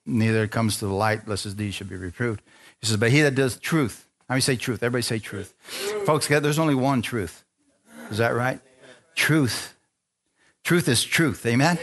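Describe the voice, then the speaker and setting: Male pastor, mid-pitched, sermon delivery with call-and-response, confiding lows and loud builds, cracks jokes at himself. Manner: call-and-response preaching, asks the crowd for amens; swings from low, confiding asides to loud, rising exhortation.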